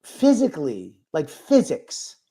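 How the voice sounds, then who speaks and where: A man's voice: fairly high pitch, wildly swooping pitch, slow, dark tone, slightly rough. A male comedian telling a self-mocking story in casual, rambling talk with crude language. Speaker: comedian guest.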